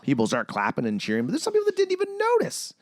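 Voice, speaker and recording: Podcast co-host, male, lively storyteller, swears a lot, dry close mic. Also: very high-pitched, very fast, dry recording. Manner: swearing, storytelling with voiced-out asides. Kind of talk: casual movie-review chat.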